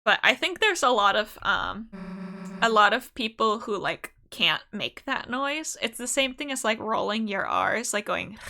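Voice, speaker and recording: A woman's voice: mid-range voice, vocal fry, bright, forceful tone. A woman streamer chatting casually over gameplay, musing aloud in a rambling way, full of fillers and loose asides.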